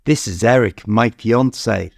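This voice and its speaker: A man with a British accent voicing an excited young woman who gushes. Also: on the low side, measured pace, gravelly, no echo, clean studio sound. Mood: gushing. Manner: gushing, bubbly.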